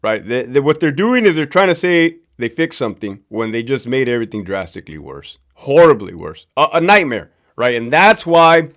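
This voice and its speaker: A mid-range, fairly bright male voice carries this casual ranting monologue to camera. The speaker is a middle-aged Southern Californian and former prison guard hosting his own show, swearing, sarcastic and repeating things for emphasis.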